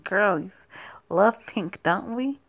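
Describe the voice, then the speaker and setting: A woman's voice: mid-range voice, extremely slow, lo-fi sound. A woman voicing an overeager, blunt foster mother as she reads a story game aloud, in a gushing way. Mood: eager.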